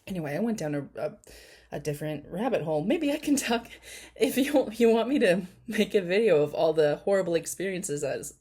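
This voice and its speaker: A woman's voice: fairly low pitch, expressive, a little fast, dark tone, slightly rough. A woman giving casual reaction commentary, chatty and rambling, with frequent laughs and ums. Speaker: commentary YouTuber.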